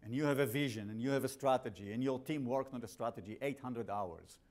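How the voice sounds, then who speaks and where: Blunt, animated male instructor with an accent. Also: medium pitch, brisk. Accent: non-native English. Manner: animated, blunt, jokey, with frequent restarts. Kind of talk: classroom lecture.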